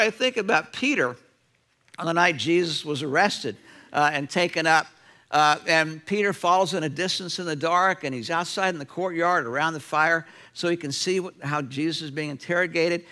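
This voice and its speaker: A middle-aged man preaching a sermon as pastor in a church, lively and often acting out the voices of people in the stories he tells. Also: high voice, fairly quick. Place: church sanctuary.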